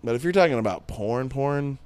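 A man's voice: medium pitch, animated, a little fast, darkish tone, smooth. A man in his thirties hosting a podcast solo, rambling and joking crudely in casual chat. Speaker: podcast host.

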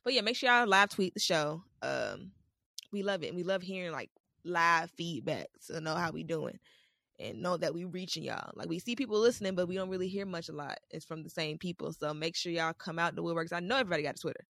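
Hoarse, raspy woman podcast co-host. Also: fairly low pitch, a little fast, dry recording, clean studio sound. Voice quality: raspy, husky. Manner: playful, animated, addresses listeners as y'all. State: hoarse, throat feels off. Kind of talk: casual podcast chat.

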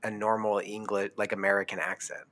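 A man's voice: fairly low pitch, brisk. A man co-hosting a podcast in casual chat, animatedly retelling scenes and acting out quotes. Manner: animated storyteller, acts out quotes. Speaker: podcast co-host.

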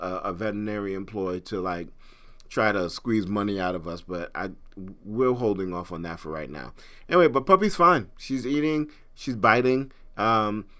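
A man's voice: lowish voice, a bit bright. A middle-aged man from Trinidad hosting a podcast in casual, rambling chat, with frequent restarts. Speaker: podcast host.

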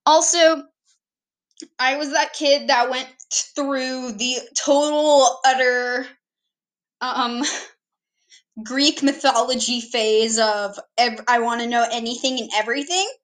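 A woman's voice: sits high, steady tone, slow. A young woman casually introducing herself on her channel, rambling and giggling at herself. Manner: rambling, giggly, self-deprecating.

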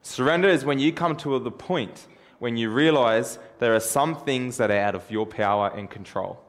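A man's voice: medium pitch, normal speed. A man preaching a sermon through a self-deprecating personal story, chatty and joking.

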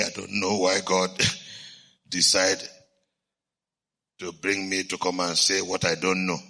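A man voicing his wife, a humble, hesitant woman asked to preach, speaking haltingly and softly. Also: sits low, vocal fry, breathy edge, pitched below the performer's own voice, full character voice. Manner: halting, self-deprecating, soft.

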